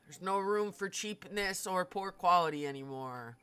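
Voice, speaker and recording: A woman's voice: on the low side, animated, normal speed, bright, forceful tone, clean tone, faint music behind. A woman streamer chatting casually with her viewers while playing, in a talkative way with lots of fillers. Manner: chatty, filler-heavy, talks to chat.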